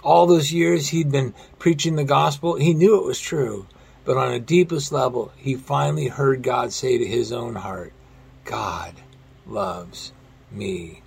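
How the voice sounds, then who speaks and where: A man preaching a sermon in an earnest way, slowing down and dropping his voice very low on quoted lines. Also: gravelly, a little mellow, breathy edge. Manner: earnest, slows and drops to near-whisper on quotes. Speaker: pastor.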